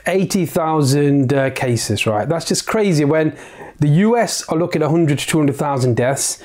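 Man, slightly higher pitch, casual co-host chiming in. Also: normal speed, darkish tone. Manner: agreeing, brief backchannels. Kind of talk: casual chat.

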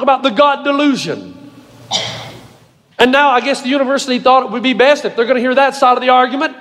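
High-voiced man preaching in a hall. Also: animated, quick pace. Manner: emphatic, swings to shouted points. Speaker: pastor. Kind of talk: sermon to a live congregation. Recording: long hall reverb.

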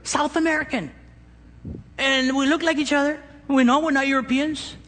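A man's voice: very high-pitched, steady tone, normal speed, a bit bright. A middle-aged man with an East Los Angeles accent preaching a sermon, emphatic and joking as he counts through a numbered list. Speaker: pastor. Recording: echoey hall with long reverb.

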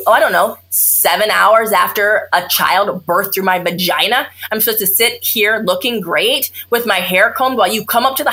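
A woman doctor speaking in a blunt, animated way, with a husky, slightly breathy edge to her mid-range voice. She is sarcastic and loves to act out what patients say. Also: medium pitch. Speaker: OBGYN doctor, guest. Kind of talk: candid conversational interview.

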